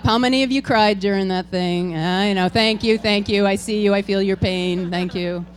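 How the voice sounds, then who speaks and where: As board president, a woman hosts a farewell tribute in a church hall, addressing the congregation in a chatty, informal ceremony speech. Her voice is medium-pitched and steady, at a normal speed with few pauses, over slight background noise.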